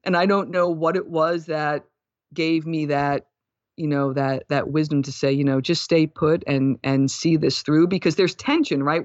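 A woman's voice: deep voice, dry recording. Reflective woman in her fifties, lo-fi. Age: 50s. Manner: earnest, thoughtful, laughs lightly at herself. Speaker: guest, wellness coach. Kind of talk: reflective interview storytelling. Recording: dull, lo-fi, dry sound.

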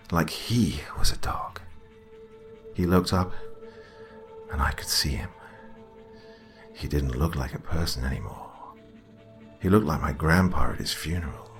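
A man with a very deep voice voicing a frightened teenage girl who halts and trails off as she speaks. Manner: halting, trailing off, fearful.

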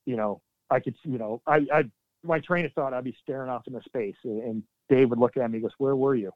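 This guest is a middle-aged military veteran from Canada, heard at medium pitch on a dry, tinny, phone-like recording. Telling candid stories in an interview, he sounds earnest and hesitant, punctuated by abrupt emphatic bursts.

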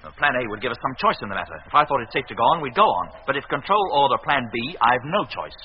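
A firm spaceship captain. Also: male voice, medium pitch, big pitch swings, husky. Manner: brisk, firm, clipped radio calls. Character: steady male spaceship captain, commanding. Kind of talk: 1950s radio drama acting. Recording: muffled 1950s radio broadcast.

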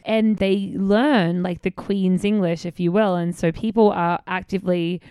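A woman's voice: lowish voice, steady tone, unhurried, mellow, clear, resonant tone, no room sound, studio quality. An Australian woman co-hosting a podcast, chatting casually and often saying "like". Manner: chatty, many "like" fillers. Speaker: podcast co-host. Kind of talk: casual chat.

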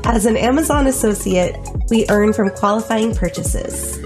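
A woman's voice: a little high, moderate pace, music in the background. A woman co-hosting a podcast in casual chat, reacting and laughing often. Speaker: podcast co-host. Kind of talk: casual chat recapping a TV show.

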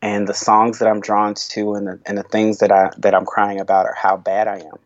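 A man who is a worship leader speaking in an interview, thoughtful and halting, with frequent restarts and soft laughs. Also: lowish voice, completely flat delivery, lo-fi sound. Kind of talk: reflective interview conversation.

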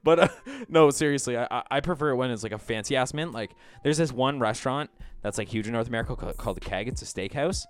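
A man's voice: mid-range voice, fast, clean tone. A man co-hosting a comedy podcast, bantering loosely with frequent laughs and casual swearing. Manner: laughing often, loose and profane. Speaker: podcast co-host.

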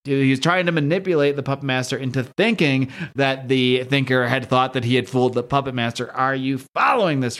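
A male podcast host recaps an episode in a joking, irreverent tone, peppered with swearing. He talks at a fast clip. His pitch sits in the middle range. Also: a bit bright.

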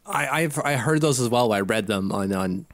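A man's voice: medium pitch, expressive, normal speed, no echo. Chatty male sports podcast host. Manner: chatty, laughs easily, quizzing his co-host. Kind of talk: casual sports podcast chat.

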